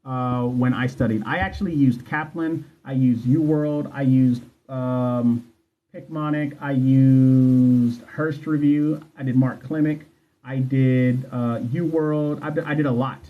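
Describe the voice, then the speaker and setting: A man's voice: mid-range voice, steady tone, takes it slowly, phone-quality sound. A man hosting a casual livestream as a nursing exam coach, reading viewer comments aloud in a chatty, loose way and repeating himself. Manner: chatty, loose, repeats phrases, slangy asides.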